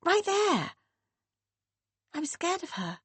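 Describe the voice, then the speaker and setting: A woman voicing a blunt, uneasy teenage girl in an audiobook, pitching her voice well above her own. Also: sing-song, slow, a bit bright, dry recording, exaggerated voice.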